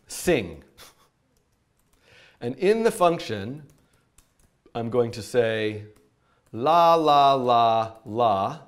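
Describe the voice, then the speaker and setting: A man talking through code as he writes it, animated and a little scattered. He rambles, corrects himself and laughs at his own mistakes, keeping the lesson loose and informal. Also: medium pitch. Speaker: programming teacher. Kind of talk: live-coding tutorial.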